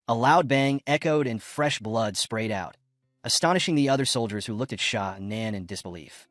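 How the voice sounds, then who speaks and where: A man narrating a comic recap in a fast, lively storytelling way. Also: mid-range voice, dry recording, faint music behind.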